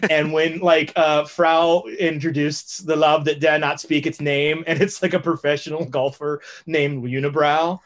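A man's voice: fairly high pitch, unhurried, hardly any pauses. A man in his thirties telling rambling, profane stories on a casual podcast chat. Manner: rambling, profane, animated storytelling. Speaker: podcast co-host.

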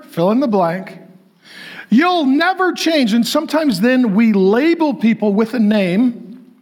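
Animated husky-voiced male preacher. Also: very high-pitched. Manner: animated, acts out quoted voices. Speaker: pastor. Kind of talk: sermon with storytelling.

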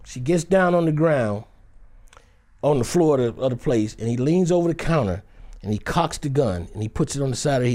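A man's voice: medium pitch, fairly quick. A male actor from Detroit telling a dramatic personal story in a chat and acting out every voice. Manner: animated, acts out every voice in the story.

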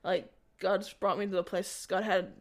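In a relaxed, conversational testimony, a woman recounts her faith story for an interviewer. She speaks at a normal middle pitch, often stopping and starting her sentences over as she meanders along.

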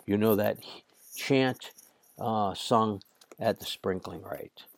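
A man with a hoarse, cracking voice teaching a Latin lesson, translating slowly and haltingly with many fillers. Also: lowish voice, no echo. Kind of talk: slow classroom Latin lesson.

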